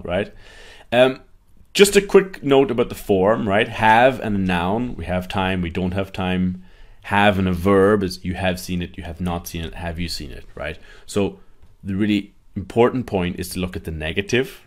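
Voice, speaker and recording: Chatty man teaching a live grammar class. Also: on the low side. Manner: chatty, reads viewer comments aloud, checks understanding often. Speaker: English teacher. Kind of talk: live online grammar lesson.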